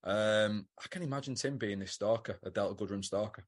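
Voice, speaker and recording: A British man co-hosting a podcast in casual chat, animated and sweary, acting out scenes. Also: on the low side, brisk. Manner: animated, sweary, acts out scenes in put-on voices. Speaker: podcast co-host.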